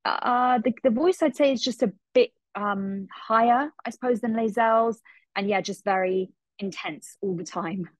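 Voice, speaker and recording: A woman's voice: a little high, moderate pace, no echo. A woman voice actor as a podcast guest, chatting in an easygoing, reflective way and often restarting her sentences. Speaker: voice actress guest. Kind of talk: casual interview chat.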